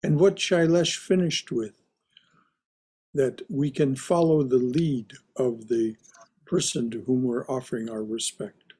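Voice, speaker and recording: Man, class teacher, slow and measured, slightly husky, thoughtful pauses. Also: mid-range voice, a little mellow. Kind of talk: leading a discussion class.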